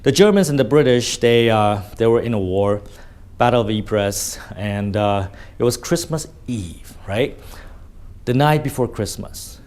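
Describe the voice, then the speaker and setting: A man's voice: medium pitch, darkish tone. A man telling a story in casual vlog commentary, blunt and full of swearing, often adding "right?" to his sentences. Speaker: vlogger.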